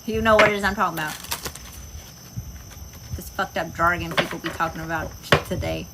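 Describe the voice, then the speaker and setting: A woman's voice: lowish voice, brisk, very noisy. Blunt, cussing woman reading tarot. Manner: blunt, profane, emphatic. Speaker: tarot reader. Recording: insects and crickets chirping behind.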